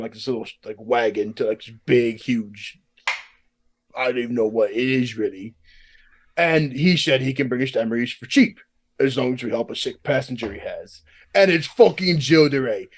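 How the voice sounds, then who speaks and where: A man playing a tabletop game, giving a rambling, casual recap full of filler words. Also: mid-range voice. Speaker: player.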